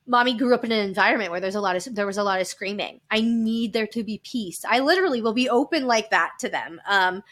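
A woman's voice: medium pitch, expressive, quick pace, few pauses, fairly bright tone. A woman in her thirties, a podcast guest, talking openly and with animation, often laughing. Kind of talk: candid personal storytelling.

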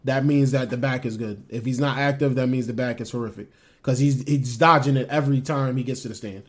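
Animated young man talking fantasy football. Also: medium pitch. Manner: animated, quick, trails off and restarts. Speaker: podcast co-host. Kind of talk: casual sports chat.

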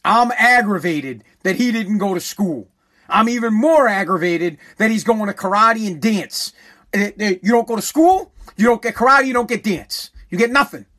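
High-voiced man ranting profanely. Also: expressive, moderate pace, bright, forceful tone. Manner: rambling, profane, repeats himself, emphatic. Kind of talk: casual monologue storytelling.

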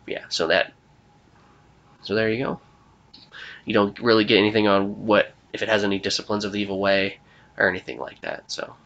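A man's voice: fairly low pitch, a little fast, vocal fry, long pauses, lo-fi sound. A young man running a tabletop game as game master, rambling with lots of fillers. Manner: rambling, filler-heavy, relaxed. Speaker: game master and podcast host.

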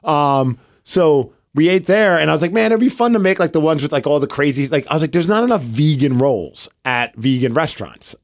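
A man's voice: on the high side, lively intonation, fairly quick, hardly any pauses, no echo, clean studio sound. A man in his thirties co-hosting a podcast, telling stories in a rambling casual way with lots of fillers. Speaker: podcast co-host. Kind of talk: casual chat.

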